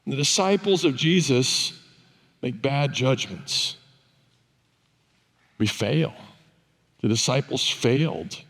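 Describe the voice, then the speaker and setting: A man's voice: medium pitch, expressive, slow, long pauses, a bit bright. An older man preaching a sermon, telling stories in a conversational, wry, self-deprecating way. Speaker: pastor. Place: church sanctuary. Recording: long church reverb.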